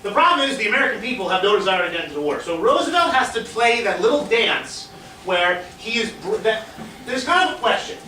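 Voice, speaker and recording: A man teaching history as a lively lecture, telling it like a story and acting out what people said, with fillers along the way. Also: sits high, brisk. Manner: animated storytelling with fillers, acts out quotes. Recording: roomy echo, distant mic, faint hiss.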